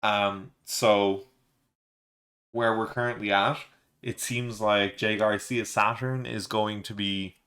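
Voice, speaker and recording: Man, lowish voice, live manga reaction, reads along, lots of uhs and ums. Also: fairly even intonation, takes it slowly, a bit bright. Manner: reads panels aloud with offhand quoted lines, many fillers.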